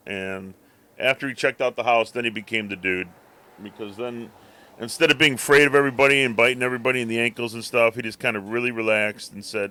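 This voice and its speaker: A man's voice: medium pitch, steady tone, fast talker, sharp tone, smooth. A man co-hosting a podcast, telling a long, rambling story in casual chat and acting out his cat's thoughts. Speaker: podcast co-host.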